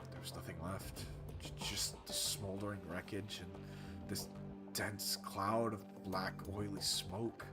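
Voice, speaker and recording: Male streamer doing a broken middle-aged survivor, hushed and halting. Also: low-pitched.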